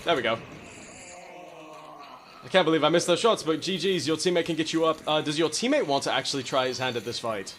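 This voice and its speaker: A man putting on a courtly gentleman duelist. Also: a little high, a little fast, pauses often, a little hiss or hum, voice pushed up, lightly acted. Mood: courtly, boisterous. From California. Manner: formal, courtly, keeps saying good sir. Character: overly polite old-fashioned male gentleman duelist. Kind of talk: in-game voice chat role-play.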